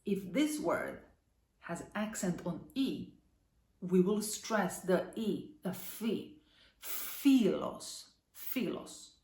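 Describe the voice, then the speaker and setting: A woman teaching a language lesson online, upbeat and encouraging, saying each word slowly and carefully. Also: lowish voice, lively intonation, a little mellow, roomy sound.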